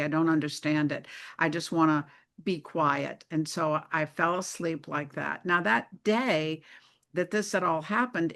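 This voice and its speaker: Older woman with a bright voice, animated storyteller. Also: on the low side. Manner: animated, acts out quoted dialogue. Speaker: speaker recounting a near-death experience. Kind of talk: personal storytelling talk.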